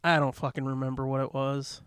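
A man co-hosting a podcast in casual chat, hyper and fast-talking, swearing constantly. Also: medium pitch, flat delivery, a bit bright, smooth, no room sound, studio quality. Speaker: podcast co-host.

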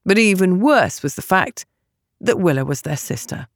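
A woman narrating a novel as an audiobook, with expressive storytelling. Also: fairly low pitch, normal speed, dry recording, studio quality.

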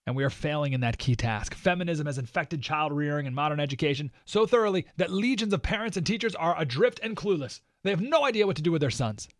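Mocking radio host guy, kinda high voice, dead dry studio sound. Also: lively intonation, fast, few pauses, dry recording. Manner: sarcastic, mocking, emphatic. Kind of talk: opinionated talk radio monologue.

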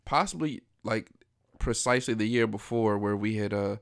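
A man's voice: on the low side, normal speed, gravelly, clean tone. A man in a casual chat, chiming in with short responses and laughing along.

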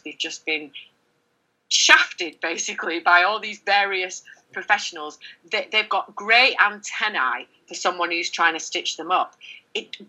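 A middle-aged woman journalist speaking candidly in an interview, animated, with many fillers and restarts. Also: on the low side, low-quality recording. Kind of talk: conversational interview.

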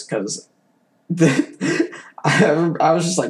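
A young adult co-host with a mid-range voice chats casually about anime. The delivery is enthusiastic and emphatic, heaping praise in quick bursts. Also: mid-range voice, animated. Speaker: podcast co-host.

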